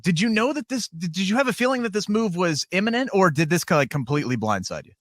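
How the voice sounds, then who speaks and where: Male podcast interviewer, fairly high voice, chatty long questions, dry close sound. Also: big pitch swings, fast talker, fairly bright tone, no room sound. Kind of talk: casual interview.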